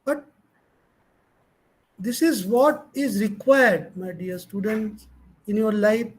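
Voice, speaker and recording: Indian english guy lecturing students, high voice, leans hard on words, plays with tone. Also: slow pace, rough recording. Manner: emphatic, varies tone to demonstrate stress. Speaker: college lecturer.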